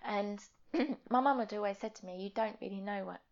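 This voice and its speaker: A young woman, speaking candidly and haltingly in a personal interview, sometimes dropping to a near whisper. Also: medium pitch, vocal fry, highs cut off. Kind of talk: personal testimony.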